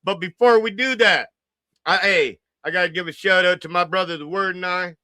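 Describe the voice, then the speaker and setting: Hyped high-voiced man hosting a talk show. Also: fairly quick, pushed and bright, no echo, clean studio sound. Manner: hyped, repeats words, sings along and teases. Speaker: apologetics show host. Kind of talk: excited casual commentary.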